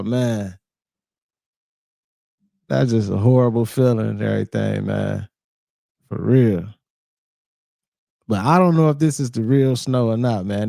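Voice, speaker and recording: A man in chats loosely with viewers while reacting to clips. His voice is mellow and gravelly, recorded close and dry with no room sound. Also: fairly low pitch, dry recording. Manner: laid-back, slangy, greets the chat by name. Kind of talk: casual reaction stream chat.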